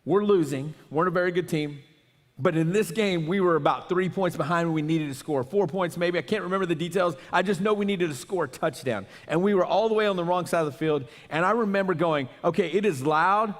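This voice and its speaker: A man preaching from the pulpit, his voice sitting a little high for a man. He tells his story with animated energy and acts out what others said. Long reverb from the hall trails every phrase. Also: fairly quick. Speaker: pastor. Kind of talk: sermon.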